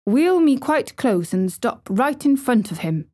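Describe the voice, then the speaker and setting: A woman's voice: on the high side, big pitch swings, measured pace, mellow, pitched above the performer's own voice. Woman doing a haughty, commanding young boy. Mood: imperious. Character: imperious sickly boy who commands haughtily.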